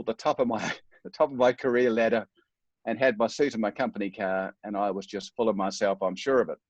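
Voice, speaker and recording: A man's voice: medium pitch, dry recording, dull audio. A middle-aged man speaking as a guest, telling his life story in an earnest, reflective, self-deprecating way. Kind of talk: personal storytelling in a talk.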